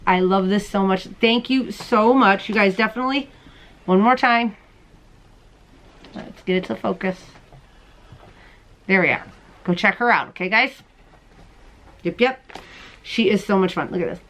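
This woman's crochet podcast finds her at home late at night, gushing in a bubbly, chatty way over the gifts and mail she holds up to the camera in her hands. Her medium-pitched, slightly bright voice is unhurried and pauses often, and the audio is poor.

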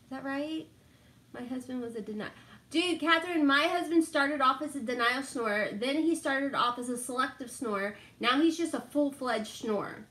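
A woman's voice: high voice, moderate pace, a bit bright, roomy sound. A middle-aged woman, chatting casually and laughing a lot with live viewers while doing her makeup. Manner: chatty, laughs often, reads out viewer names.

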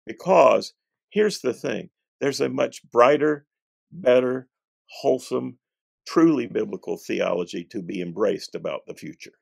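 A man from North Carolina, a Bible scholar answering interview questions in a measured, emphatic, preacherly way. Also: medium pitch, gravelly, husky, dry recording. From North Carolina, USA.

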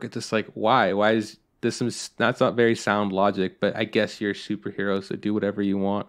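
A young man co-hosting a podcast, telling a story in a casual, animated way, swearing and acting out what people said. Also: on the low side, a little fast. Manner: animated, swears a lot, acts out quotes. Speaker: podcast co-host.

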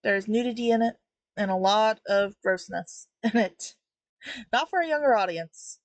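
A young woman reviews a comic out loud, chatty and critical, with laughs between her remarks. Her voice is mid-pitched and sits in a dry, close recording with no room sound. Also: animated, normal speed, dry recording. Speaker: webtoon reviewer. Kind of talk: casual commentary while reading.

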